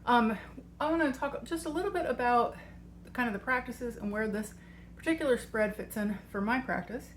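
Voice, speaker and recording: A woman's voice: on the high side, normal speed, a little hiss or hum. A woman, out of breath, hosts her channel and explains a tarot practice in a chatty, rambling way. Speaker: tarot coach and channel host. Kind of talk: casual video walkthrough.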